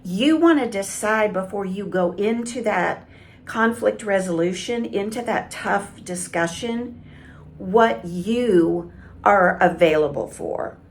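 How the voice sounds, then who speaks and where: A woman communication coach giving calm, measured advice straight to camera. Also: mid-range voice, slight background noise. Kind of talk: direct-to-camera coaching talk.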